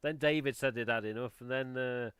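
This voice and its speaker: A man's voice: medium pitch, steady tone, fairly quick, a bit bright, clear, resonant tone, no room sound. A man hosting a casual livestream, chatting in a rambling, self-interrupting way. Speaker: livestream host. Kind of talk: casual chat.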